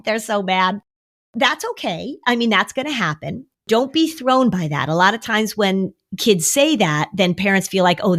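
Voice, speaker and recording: Woman therapist explaining worry, animated. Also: mid-range voice. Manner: animated, acts out quoted voices of worry and kids. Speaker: therapist and podcast host. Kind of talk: podcast conversation.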